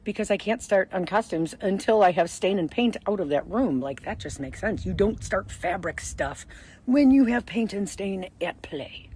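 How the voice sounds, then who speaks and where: A woman's voice: mid-range voice, lively intonation, moderate pace, a little mellow, slightly rough. A middle-aged woman hosting her own vlog in a casual, rambling, chatty way, often interrupting herself. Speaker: vlog host. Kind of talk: casual chat.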